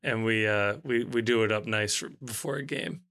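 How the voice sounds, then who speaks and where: Bright-voiced man co-hosting a podcast. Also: on the low side, moderate pace, smooth. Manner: laughs often, relaxed hosting. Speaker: podcast co-host. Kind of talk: casual chat.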